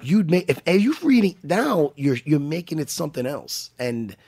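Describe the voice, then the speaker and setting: A man's voice: on the high side, normal speed, slightly rough. A middle-aged man in casual podcast chat, swearing freely and restarting his sentences. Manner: animated, swearing, restarts a lot. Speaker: podcast co-host.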